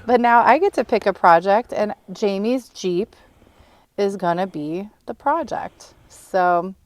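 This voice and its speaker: A woman co-hosting a car restoration video, chatting casually, excited and laughing often. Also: mid-range voice, a little slow. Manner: bubbly and excited, laughs often, rambling explanations. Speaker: co-host and producer of a car restoration channel. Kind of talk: casual on-camera chat.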